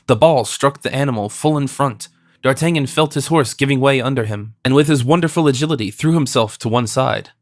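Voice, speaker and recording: A man narrating an audiobook in a steady, even reading. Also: medium pitch, a little fast, no room sound, studio quality. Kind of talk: scripted narration.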